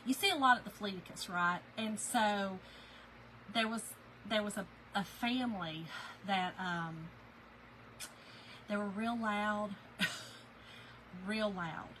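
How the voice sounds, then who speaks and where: A woman's voice: mid-range voice, slow, long pauses, pushed and bright, a little hiss or hum, poor audio. A woman, chatting and laughing as she tells a story to her viewers while working on a craft project. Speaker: craft video host.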